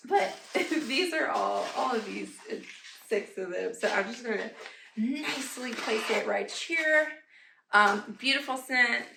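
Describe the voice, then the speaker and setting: A woman, chatting casually as a vlogger, animated and laughing often. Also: fairly high pitch, vocal fry. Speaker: candle haul vlogger. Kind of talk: casual chat. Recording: echoey room with faint noise.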